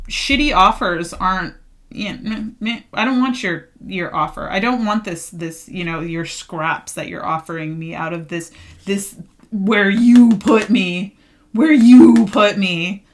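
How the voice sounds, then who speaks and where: A woman's voice: mid-range voice, a little slow. A woman giving a casual tarot card reading, chatty and emphatic, full of fillers, getting worked up as she talks. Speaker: tarot reader.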